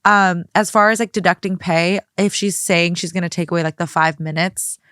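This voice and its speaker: A woman's voice: lowish voice, fairly even intonation, normal speed, a bit bright, smooth, no room sound, clean studio sound. A young adult woman co-hosting a podcast, chatty and opinionated in casual talk. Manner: opinionated, chatty, lots of fillers. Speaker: guest co-host. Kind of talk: casual chat.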